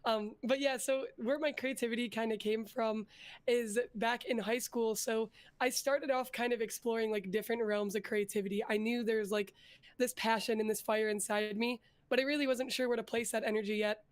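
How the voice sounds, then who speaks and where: A young woman with a hoarse voice from being sick, chatting as a guest in an interview and telling her story in an upbeat, rambling way. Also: fairly high pitch, steady tone, moderate pace, no echo. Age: young adult. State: hoarse from illness. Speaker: guest vtuber. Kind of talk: casual interview chat.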